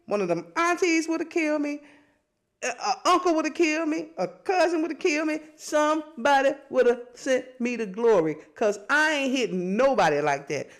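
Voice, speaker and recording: Woman podcast host, sassy and laughing, bit high, swings all over in pitch. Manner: animated, sassy, laughing often. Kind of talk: casual chat.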